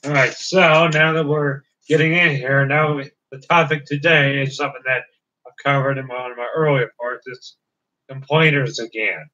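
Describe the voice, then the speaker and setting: A man's voice: medium pitch, fairly even intonation, moderate pace, pushed and bright. A man hosting a casual let's-play video, rambling and restarting his sentences. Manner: rambling, hesitant with many restarts. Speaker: gaming video host. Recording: dull lo-fi recording.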